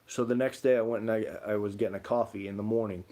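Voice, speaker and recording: A man's voice: on the low side, fairly even intonation, quick pace, dark tone. A young man co-hosting a livestream, telling rambling stories in casual chat and reading out viewer comments, full of "like" fillers. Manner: rambling storytelling, many "like" fillers. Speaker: livestream co-host.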